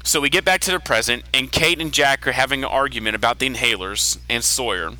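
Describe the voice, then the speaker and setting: A man with an extremely bright, ringing voice hosts a casual podcast, retelling an episode scene by scene. He restarts his sentences, breaks into quick laughs and keeps a loose, conversational flow. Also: mid-range voice, low-quality recording. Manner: chatty storyteller who laughs often and restarts sentences. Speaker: podcast host.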